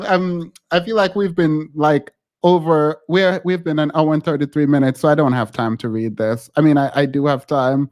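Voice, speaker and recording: A man hosts a casual commentary show, reading news aloud in a high voice. He takes his time and keeps stumbling over restarts. Giggles keep slipping out between lines. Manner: giggly, hesitant, stammering restarts. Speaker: podcast host.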